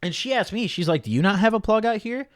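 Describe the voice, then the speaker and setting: A young man telling a story on his vlog in a casual, animated way, swearing often and dropping low and quiet when he quotes himself. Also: fast talker, no room sound, clean studio sound. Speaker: YouTuber.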